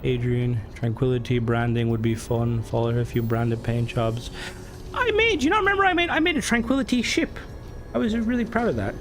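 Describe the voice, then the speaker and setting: Male streamer, casual rambling game chat, swears freely, lively up-and-down delivery, faint noise behind. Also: mid-range voice, fairly quick. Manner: rambling, sweary, self-interrupting.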